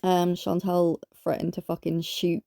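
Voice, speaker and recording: A woman's voice: lowish voice, completely flat delivery, unhurried, creaky, dark tone, dry recording. A woman giving angry reaction commentary, blunt, scolding and full of swearing.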